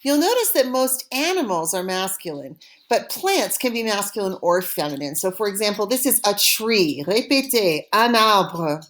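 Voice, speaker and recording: A woman teaching French vocabulary, saying each word clearly and repeating it for students to copy. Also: medium pitch, very animated, a bit bright. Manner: slow, deliberate, repeating words for students. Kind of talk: language lesson drills.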